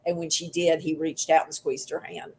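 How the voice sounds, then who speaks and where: A woman's voice: low voice, moderate pace. A woman, a guest author telling stories expressively in a podcast chat. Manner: expressive storyteller, acts out quotes. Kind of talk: casual podcast conversation.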